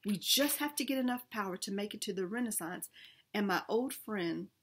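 A woman's voice: mid-range voice, normal speed, noisy background, lightly acted. A woman reading as a brainy, proper talking dog. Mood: cheerful. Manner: calm and cheerful, turning to alarmed shouting.

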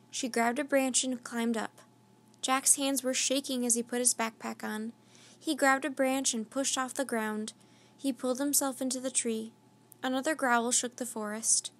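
Woman storyteller for a kids' book read-aloud, slightly high voice, clear expressive pacing. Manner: slow, clear, expressive reading.

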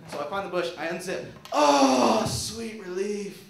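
High-voiced and gravelly, this young comedian speaks a little slowly through a self-mocking stand-up set in a small theater. He stays animated and slips into silly voices, and the stage sound is roomy.

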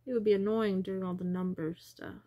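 A woman's voice: mid-range voice, fairly even intonation, normal speed, mellow, no room sound. A woman talking in a rambling personal vlog, wandering from thought to thought and sometimes dropping into a whisper. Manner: wandering, trails off and drops into whispers. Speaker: vlogger.

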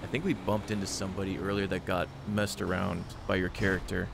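A man on a game stream, chatting and giving friendly shout-outs to viewers. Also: sits low, little pitch movement, brisk, gravelly, very noisy. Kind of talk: casual game stream chat.

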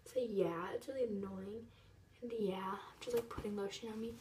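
Teen girl rambling into the camera at night, lots of so yeah and um, half whispering sometimes, normal pitch. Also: steady tone, moderate pace, darkish tone, a little hiss or hum. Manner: rambling, filler-heavy, drifting into half-whispers. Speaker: vlogger. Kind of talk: casual nighttime vlog. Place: at home at night.

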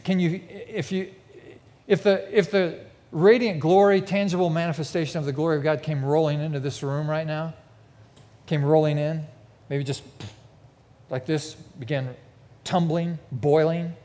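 A man preaching with vivid, emphatic storytelling, his voice sitting a little high for a man. The sound carries a long reverb from a big church hall with a mezzanine. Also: a little mellow. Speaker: pastor. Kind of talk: sermon.

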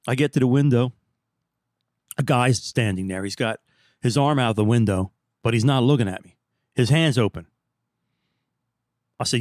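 A male podcast host recounts an everyday story in a lively, casual way. He acts out the other people and breaks into laughs often. His voice sits in a middle range, recorded dry and close to the mic. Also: medium pitch, normal speed, long pauses, no room sound.

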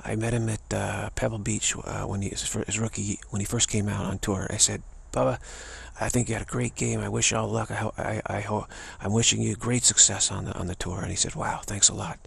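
Gravelly, raspy man talking casually. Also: on the low side, flat delivery, fairly quick, hardly any pauses. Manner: rambling, many restarts and stammers, laughs often. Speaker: spiritual teacher. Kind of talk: casual spoken talk.

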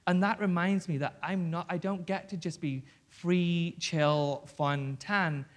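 Man in his thirties, candid guest storyteller on stage, lively, swears freely, voice sits a touch high. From South Yorkshire, England. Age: 30s. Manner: animated, swears freely, quick asides. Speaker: author and guest. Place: stage before an audience.

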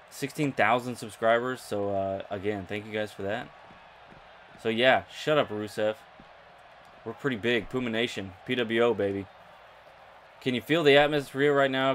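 A young man commentating his own video game playthrough, excitable and jokey, talking to his viewers. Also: medium pitch, slight background noise. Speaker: gaming YouTuber. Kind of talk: let's play commentary.

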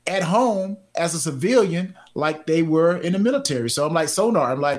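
A man hosting a sports talk show in casual chat, animated, laughing often and repeating phrases. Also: on the high side, normal speed, hardly any pauses. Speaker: host.

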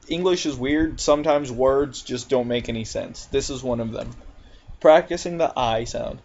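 A man teaching English pronunciation in a recorded lecture, speaking deliberately and drawing out each example word. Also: fairly high pitch, darkish tone. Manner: slow, deliberate, drawn-out example words. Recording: slightly dull lo-fi recording.

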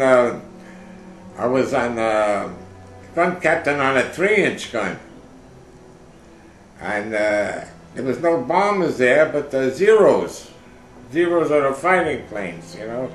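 An older man tells his memories in a loose, rambling way, stopping for fillers and throwing in the orders he heard. His voice sits at a middle pitch. The room has a noticeable echo, and faint music plays underneath. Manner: rambling, many fillers, acts out shouted orders. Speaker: interviewee, war veteran. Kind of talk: casual oral history storytelling.

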